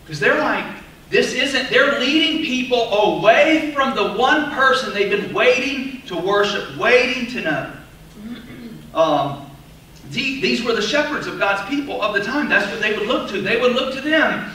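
High, bright-voiced pastor in echoey hall. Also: male voice, unhurried, distant mic. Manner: animated, emphatic preaching with asides. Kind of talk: sermon. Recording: echoey hall, voice off-mic, faint noise.

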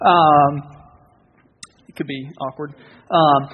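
A man preaching a sermon as pastor, earnest and conversational, with pauses and restarts. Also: fairly high pitch, vocal fry, fairly bright tone, a little hiss or hum. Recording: dull, reverberant hall sound.

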